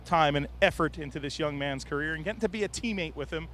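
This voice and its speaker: A man hosting casual interviews in an outdoor race garage, loud and jokey. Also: on the high side, slight background noise. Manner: loud, jokey, quick to exclaim. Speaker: garage reporter and host.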